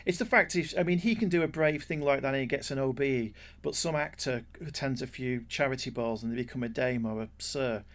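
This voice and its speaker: A man's voice: medium pitch, a little fast, few pauses. A man co-hosting a podcast, giving blunt opinions with dry jokes and repeating words as he thinks. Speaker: podcast co-host. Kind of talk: casual chat.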